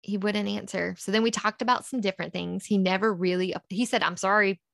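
A woman's voice: medium pitch, fairly even intonation, brisk, vocal fry, a bit bright, dry recording, clean studio sound. A woman, a podcast guest, earnestly recounting a personal story and acting out past conversations in quotes.

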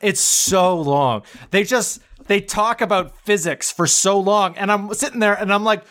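A man's voice: sits high, a little slow, a bit bright. A man co-hosting a podcast, recapping a movie plot in a sarcastic, swearing way and acting out the characters' lines. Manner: sarcastic, swears, acts out quotes while retelling the plot. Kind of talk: casual chat. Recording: remote call.

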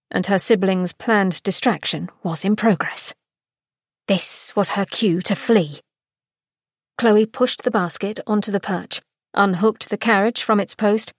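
A woman's voice: medium pitch, dry recording, studio quality. Woman reading a romance novel aloud. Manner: expressive, dramatic reading. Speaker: podcast co-host.

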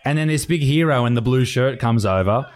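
A man talking into a podcast mic in loose, casual chat. His pitch sits in the middle for a man. He swears freely and keeps breaking off his sentences to start them again. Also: a little fast. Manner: rambling, profane, self-interrupting. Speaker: podcast co-host. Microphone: podcast microphone.

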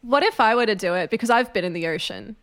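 A woman from Brisbane, a comedian playing along with deadpan, absurd jokes on a quiz podcast. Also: fairly high pitch, fast talker. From Brisbane, Australia. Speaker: comedian contestant.

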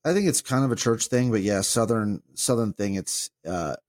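A man, a former pastor, talking through ideas in a casual podcast chat, rambling and animated with many restarts. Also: lowish voice, normal speed.

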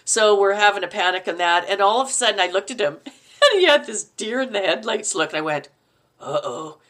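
A middle-aged woman from Canada, a guest telling stories in a casual interview, animated and quick to laugh, acting out the lines she quotes. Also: mid-range voice. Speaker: podcast guest, actor.

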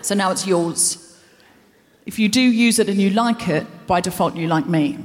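A woman's voice: medium pitch, moderate pace, a little mellow. A woman hosting a live comedy show, giving a self-deprecating stand-up monologue full of rambling asides, in a large concert hall before an audience. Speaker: host.

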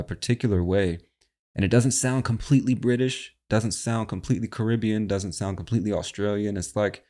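Podcast host, low male voice, chatty and lively, talks straight to the listener. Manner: animated, chatty, addresses listener as "my friend". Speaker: podcast host and English teacher. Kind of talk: casual educational podcast.

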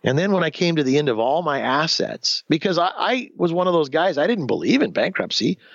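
A man in his fifties telling his own story in a candid interview, animated, acting out the voices of the people he quotes, often restarting sentences. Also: a little high, brisk, creaky, no room sound, lo-fi sound. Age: 50s.

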